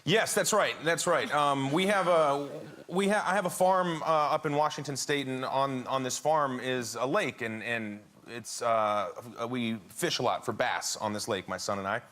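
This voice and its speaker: A man's voice: mid-range voice, normal speed, few pauses, fairly bright tone. A man who is a talk show guest, chatting casually and telling an anecdote with frequent laughter in a TV studio. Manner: laughing often while telling a story. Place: TV studio with audience.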